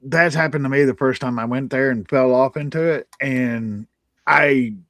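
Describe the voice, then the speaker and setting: A man's voice: medium pitch, normal speed, fairly bright tone, no echo. A man in a casual gaming chat, telling stories animatedly and swearing when worked up.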